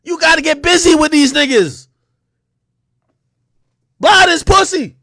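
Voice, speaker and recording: A man hosting an unscripted livestream, talking in an animated, profane way and mocking people with quick impressions. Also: very high voice, no room sound, studio quality. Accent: New York. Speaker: livestream host.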